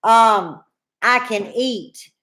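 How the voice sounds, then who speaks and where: A woman's voice: on the high side, extremely slow, pushed and bright. A middle-aged woman with a Louisiana Southern accent, co-hosting a casual live chat in a folksy, teasing, chatty way. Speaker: co-host of a live cooking chat stream.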